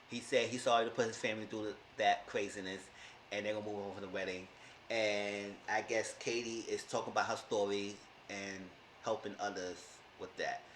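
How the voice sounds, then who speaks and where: A man's voice: mid-range voice, fairly bright tone, slight background noise. Exasperated man recapping in an echoey room. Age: 30s. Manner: emphatic, exasperated, repeats phrases. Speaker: TV episode reviewer. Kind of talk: casual recap commentary.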